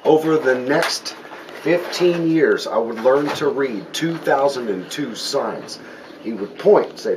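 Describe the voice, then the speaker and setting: A man's voice: medium pitch, lively intonation, slow pace. Southern guy in his 40s, airboat captain spinning a yarn for the passengers, mid-range voice, sounds kinda far off from the camera with outdoor noise behind. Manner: folksy, joking, dramatic storyteller. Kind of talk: storytelling tour talk. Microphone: tourist's camera some distance away.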